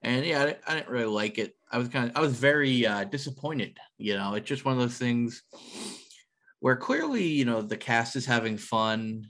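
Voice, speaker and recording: A man's voice: mid-range voice, expressive, normal speed, fairly bright tone. A man chatting casually as a podcast co-host. He rambles through his points, stops and restarts his sentences, and leans on fillers as he goes. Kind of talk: casual chat.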